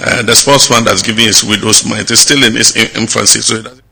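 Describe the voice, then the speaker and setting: Gravelly Ghanaian man giving a speech. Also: on the low side, fairly even intonation, pushed and bright. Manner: measured, halting with fillers, grows emphatic. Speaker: head of state giving a speech. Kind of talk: public speech.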